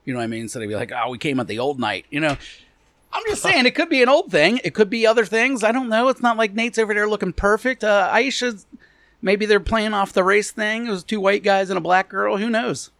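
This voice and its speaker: A man's voice: high-pitched, animated, a little fast, a bit bright, no room sound. Man with a dry, close sound, teasing. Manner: teasing, laughs often. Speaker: podcast co-host. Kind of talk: casual banter. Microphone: video call.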